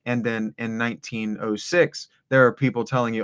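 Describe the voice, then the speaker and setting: A man hosting a reading, reading passages aloud and musing on them in a loose, discursive way, slipping into a deep radio voice for the passages. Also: steady tone, moderate pace, hardly any pauses. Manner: discursive, with restarts and asides. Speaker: host reading aloud and commenting. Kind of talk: rambling philosophical commentary between read passages.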